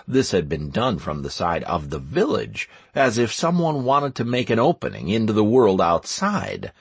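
A man reads a fantasy story aloud in the first person with wry, expressive timing. His voice is husky and low, and it swings widely in pitch. The sound is dry and close to the mic. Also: no echo. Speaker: audiobook narrator.

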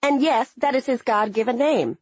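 A woman voicing a bossy, suspicious woman at a party, speaking in a curt, deadpan way. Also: a little high, normal speed, breathy edge, no room sound, lo-fi sound.

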